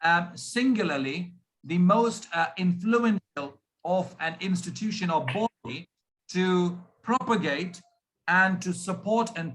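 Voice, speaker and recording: Indian man, RP-leaning accent, high voice; speech coach, deliberate and demonstrative. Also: fairly bright tone, a little hiss or hum. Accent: Indian English, RP-influenced. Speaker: pronunciation coach. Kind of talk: speech on pronunciation.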